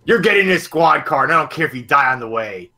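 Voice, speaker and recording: Man playing a bullying cop, barking threats, raised bright voice, tabletop game. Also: fairly high pitch, animated, fast. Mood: threatening. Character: brutal, bullying male cop.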